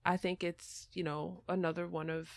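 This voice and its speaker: Female podcast host, reflective and chatty: lowish voice with gravelly fry. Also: flat delivery, normal speed, dry recording, clean studio sound. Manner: reflective, chatty with many fillers. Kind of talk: podcast interview.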